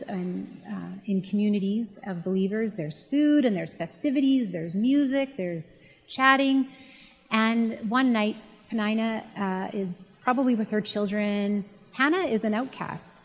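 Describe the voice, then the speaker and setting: A woman's voice: mid-range voice, unhurried. Chatty woman teaching the Bible. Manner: chatty, conversational storytelling. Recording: long reverb.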